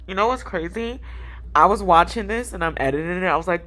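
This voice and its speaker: A woman's voice: on the low side, fairly quick, fairly bright tone. A woman in her thirties vlogging outdoors, telling a rambling, confiding personal story. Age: 30s. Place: outdoors, windy.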